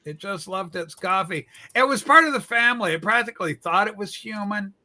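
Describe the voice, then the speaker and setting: A man's voice: high-pitched, animated, brisk, sharp tone, heavily acted. A man playing Rachel, a flamboyant, gossipy woman who fusses and scolds in mock scandal during comedic livestream banter. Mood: fond. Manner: campy, chatty, mock-scandalized.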